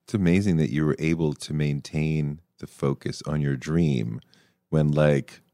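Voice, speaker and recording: A man hosting an interview, asking halting, searching questions full of fillers. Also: extremely low pitch, steady tone, warm tone, dry recording, clean studio sound. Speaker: interview host.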